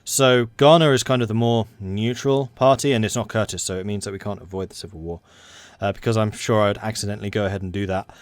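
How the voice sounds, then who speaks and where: An excitable young Englishman rambling through commentary on a strategy game he is playing. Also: fairly low pitch, fast talker, few pauses, no room sound. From England. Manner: excitable and rambling, self-described hyper. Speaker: let's play host. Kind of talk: gaming commentary.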